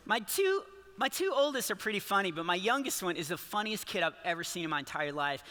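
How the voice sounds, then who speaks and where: Bright, high-voiced man doing church stand-up. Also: lively intonation, fairly quick. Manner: rambling, self-interrupting, chuckling storyteller. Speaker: stand-up comedian. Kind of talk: stand-up comedy set at a church service. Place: large church auditorium. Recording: long hall reverb.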